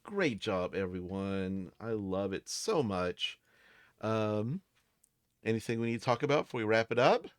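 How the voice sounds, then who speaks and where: A man's voice: lowish voice, expressive, a little slow, no echo. A man narrating as game master of a tabletop role-playing game, upbeat and playful.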